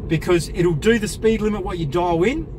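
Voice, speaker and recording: A man's voice: high-pitched, moderate pace. A middle-aged man chatting casually while driving a car, making wry, crude jokes as he goes. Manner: wry, crude, joking asides. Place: inside a moving car. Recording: road noise from the car.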